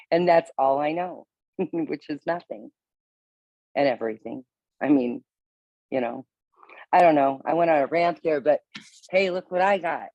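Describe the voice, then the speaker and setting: A woman sharing casually on a video call, halting and rambling, swearing and laughing as she talks. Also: low-pitched, no room sound, highs cut off. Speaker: meeting participant.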